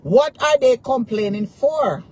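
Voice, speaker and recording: Speaking at a measured pace, this Jamaican woman has a high, animated voice with a darkish tone. She's a social media personality delivering a defiant, angry rant to her followers, swearing in Patois and repeating taunts.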